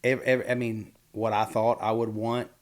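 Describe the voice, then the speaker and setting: A man in his forties co-hosts a relaxed podcast conversation. He tells stories with animation, slipping into the voices of the people he quotes. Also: lowish voice, moderate pace. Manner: animated storyteller who acts out quotes. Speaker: podcast co-host.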